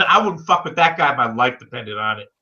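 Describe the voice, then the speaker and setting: A man, co-hosting a casual online show, animated and swearing freely. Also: medium pitch, fast talker, highs cut off. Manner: animated, swears, calls people dude. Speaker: podcast co-host. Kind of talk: casual chat. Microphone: video call.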